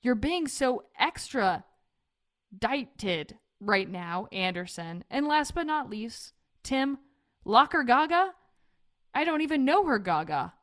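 A woman's voice: a little high, very animated, slow pace, a bit bright. A woman co-hosting a podcast, reading the intro and then chatting casually with a playful tone. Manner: playful, laughs often. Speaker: podcast co-host.

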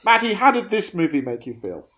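A woman's voice: medium pitch, very animated. A woman hosting a casual film review chat, joking and acting out silly scenarios. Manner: jokey, quick to act out silly scenarios. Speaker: podcast host.

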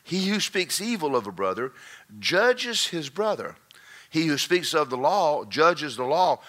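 A male pastor preaching a sermon, swinging from folksy joking asides to shouted, singsong climaxes. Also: fairly high pitch, sing-song, measured pace.

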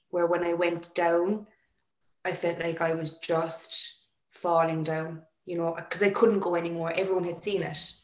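A woman telling a personal story in an emotional, halting way with many restarts. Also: on the low side. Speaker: interview guest. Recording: echoey room.

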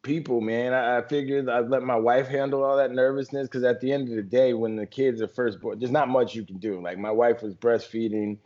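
A man co-hosting a podcast, talking in a relaxed, easygoing way. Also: mid-range voice, brisk, few pauses. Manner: relaxed, easygoing, laughs often. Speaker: podcast co-host. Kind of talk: casual chat. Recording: dull lo-fi podcast audio.

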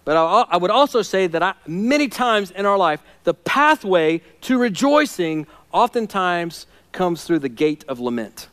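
A man preaching a sermon, reading scripture with passion and dropping to hushed tones between loud, pleading lines. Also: sits high, big pitch swings, unhurried, few pauses, smooth. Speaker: pastor.

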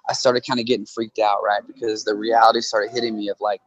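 A man's voice: on the low side, level tone, fast talker, hardly any pauses, rough recording. A man in a casual conversation who talks into a handheld phone, explaining earnestly through analogies and often checking in with "right?".

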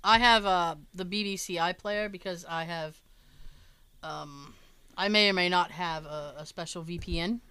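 A woman's voice: lowish voice, normal speed, sharp tone, clear, resonant tone. A woman co-hosting a casual chat, telling stories with laughs and asides. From United States. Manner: chatty, laughing storyteller. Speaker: co-host.

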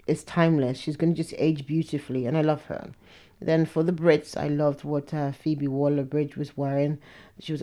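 A woman's voice: low voice, dark tone. A woman hosting a podcast, chatting casually with frank, opinionated asides. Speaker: podcast host. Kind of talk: casual chat about awards and fashion.

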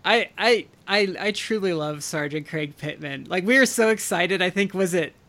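Male co-host, high and bright, filler-heavy casual talker. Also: normal speed. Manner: rambling with many fillers. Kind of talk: casual chat.

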